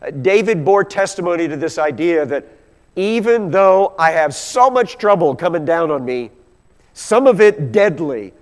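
A man preaching a sermon, explaining scripture verse by verse and reading passages aloud with growing intensity. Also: fairly high pitch. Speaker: pastor. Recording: long hall reverb.

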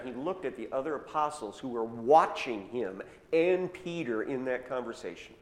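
A man preaching a sermon and retelling scripture in casual modern words, slowing down to stress key phrases. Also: medium pitch, expressive. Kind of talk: sermon storytelling. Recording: echoey hall with long reverb, faint noise.

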